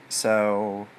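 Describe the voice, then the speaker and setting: A man's voice: fairly low pitch, a little hiss or hum. A man telling a personal story to his viewers in a rambling, hesitant way, full of fillers and restarts. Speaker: vlogger.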